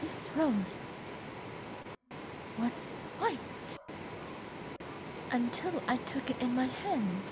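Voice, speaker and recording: A timid young lady, voiced by a woman in a casual game read-through speaks in halting, formal, apologetic phrases. Her voice sits high. Clear background noise hangs under the recording. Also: lively intonation, heavily acted. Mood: hesitant. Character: timid, polite young woman of strange appearance.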